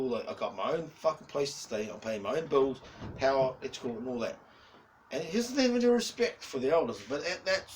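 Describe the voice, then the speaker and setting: A man in his forties rambles through a casual, profanity-heavy vlog rant at a middle pitch. He sounds set back from the mic, with faint background noise under his voice. His talk wanders and is peppered with laughs and swearing. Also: distant mic, low-quality recording. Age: 40s. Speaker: YouTuber.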